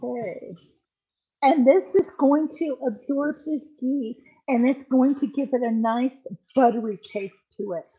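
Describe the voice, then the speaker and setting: A woman's voice: high-pitched, unhurried, mellow, dull audio. An older woman hosting a live cooking stream from her home kitchen, chatting casually to viewers with lots of ums as she cooks. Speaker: livestream cooking host.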